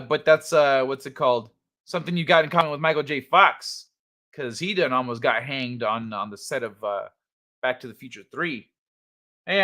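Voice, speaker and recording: A man's voice: on the high side, sharp tone. A man hosting a casual late-night livestream, laid-back and chuckling as he reads the chat aloud. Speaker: livestream host.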